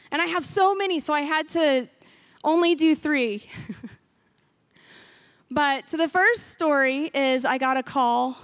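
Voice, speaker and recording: High-voiced woman telling a church testimony. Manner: earnest, emotional, acts out her own past thoughts. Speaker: guest speaker sharing a ministry testimony.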